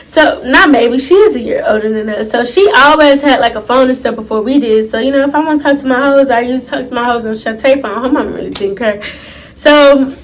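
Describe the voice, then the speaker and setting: Animated, high-voiced young woman telling a story. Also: fairly quick. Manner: animated, profane, dramatic retelling with asides to viewers. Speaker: storytime YouTuber. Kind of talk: casual storytime vlog.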